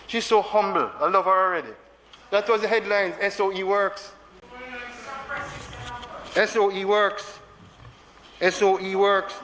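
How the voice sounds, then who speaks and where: The voice is high, bright and forceful: a man with a Jamaican accent speaking as a senator, emotionally repeating phrases for emphasis before parliament. The recording carries the reverberation of a large chamber and a faint background hum.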